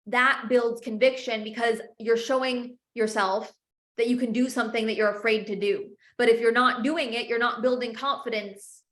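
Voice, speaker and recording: A woman with a somewhat high voice leads a sales masterclass, driving her points home with passionate, repeated phrases. Her voice rings out in an echoey room. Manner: passionate, emphatic, repetitive phrasing. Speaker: sales coach. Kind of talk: live masterclass teaching.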